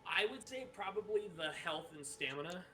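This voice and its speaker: A man's voice: high-pitched, normal speed. A man giving a friend tips and directions during a co-op let's play, speaking in a casual, helpful way. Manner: explaining, relaxed and helpful. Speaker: co-op guest player. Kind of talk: casual gaming chat.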